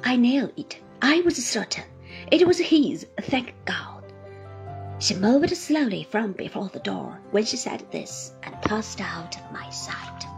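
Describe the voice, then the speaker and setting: A woman reads a classic novel aloud in a bright, higher voice that rises and falls with lively range. She moves between forceful lines and hushed whispers. Soft music plays faintly underneath. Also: slow. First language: Chinese. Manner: dramatic, swings between loud and whispered delivery. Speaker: audiobook reader. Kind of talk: expressive novel reading.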